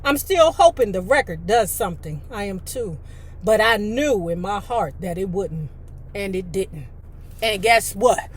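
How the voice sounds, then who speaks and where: A woman's voice: a little high, animated, a little slow. A woman reading a memoir aloud, breaking in with chatty, blunt asides and mild cursing. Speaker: storyteller.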